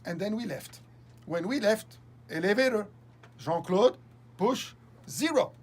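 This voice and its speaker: A man as an interview guest, telling a story with lots of laughter and halting restarts. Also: high voice, animated, darkish tone. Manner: laughs often, halting restarts, acts out quoted dialogue. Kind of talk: animated storytelling anecdote.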